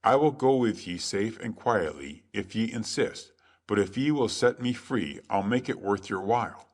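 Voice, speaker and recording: A man's voice: on the low side, expressive, moderate pace. A man voicing a sly, boastful beggar trickster who speaks in crafty, archaic phrasing, for a storybook reading. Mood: wheedling. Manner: crafty, mocking archaic speech.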